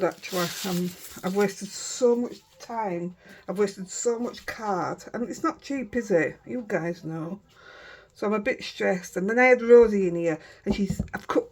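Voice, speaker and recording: A woman with a Yorkshire accent, chatting casually to viewers as she works on a card-making project, talking in a rambling way and often breaking off mid-sentence. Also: medium pitch. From Yorkshire, England. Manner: chatty, rambling, self-interrupting. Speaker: craft vlogger. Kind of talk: casual crafting chat.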